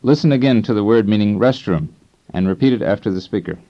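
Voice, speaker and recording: A man guides a scripted language lesson in a calm, measured teaching tone. His voice sits low, and the old recording sounds dull and muffled. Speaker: language course instructor.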